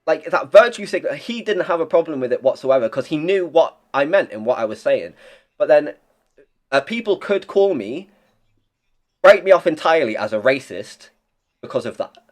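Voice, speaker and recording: A man's voice: a little high, big pitch swings, moderate pace. Blunt rambling guy. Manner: rambling, blunt, swears freely, many restarts. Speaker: podcast guest. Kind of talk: casual chat.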